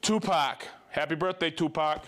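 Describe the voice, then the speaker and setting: A man hosting a livestream, reading out viewer shout-outs in a playful, jokey way and laughing easily. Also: fairly high pitch, steady tone, normal speed. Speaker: host.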